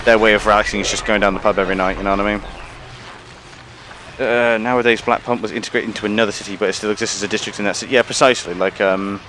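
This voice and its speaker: A man's voice: on the low side, steady tone, racing, pushed and bright, a little hiss or hum. Rambling man streaming a game. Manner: rambling, swears casually. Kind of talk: casual gameplay chat.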